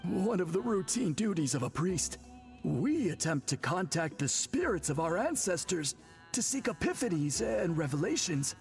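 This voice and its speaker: A man voicing a polite, formal tribal priest in a video game, courteous and measured. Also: high-pitched, very animated. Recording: game audio with faint music.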